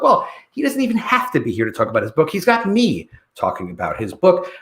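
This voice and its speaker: Guy hosting a livestream, high-ish voice bouncing all over, roomy echo, shouting out chat names. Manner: greets chat viewers by name, rambling and animated. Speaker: livestream host.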